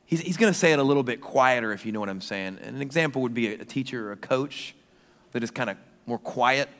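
Pastor preaching in a reverberant hall. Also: male voice, medium pitch. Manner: animated storytelling that drops to a hushed, slow delivery. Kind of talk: sermon.

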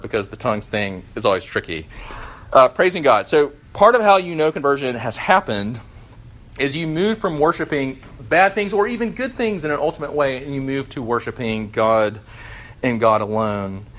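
With a medium-pitched voice, a man delivers an animated, chatty sermon, often restarting his sentences and using plenty of fillers.

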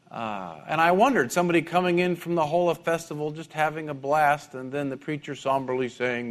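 High-voiced conversational male preacher. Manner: conversational, repeats words when restarting. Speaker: pastor. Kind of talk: sermon.

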